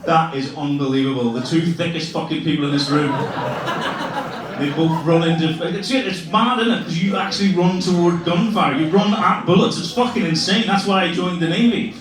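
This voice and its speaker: Profane Irish stand-up comic in a roomy club. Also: male voice, a little high, normal speed. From Ireland. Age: 40s. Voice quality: profane, laughing banter. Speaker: stand-up comedian. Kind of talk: stand-up comedy with crowd work. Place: comedy club, live audience. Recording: echoey club from a distance, crowd. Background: audience laughter.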